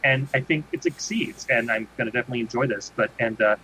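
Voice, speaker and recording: A man speaks quickly in a mid-range voice with a sharp edge, co-hosting a podcast in loose, rambling chat full of restarts. The audio is dull and lo-fi, with faint background noise.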